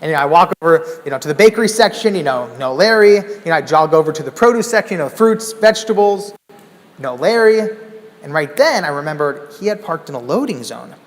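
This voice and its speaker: A man giving a keynote talk, telling a story with lively, acted-out exclamations. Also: on the high side, fairly quick, long reverb tail. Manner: animated, acts out scenes with loud exclamations. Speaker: keynote speaker. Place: large hall.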